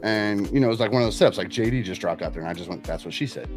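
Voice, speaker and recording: A man's voice: lowish voice, rapid-fire. Laid-back profane man in his forties. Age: 40s. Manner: laid-back, profane, self-mocking storyteller. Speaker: podcast host. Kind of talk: casual storytelling chat. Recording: music playing underneath.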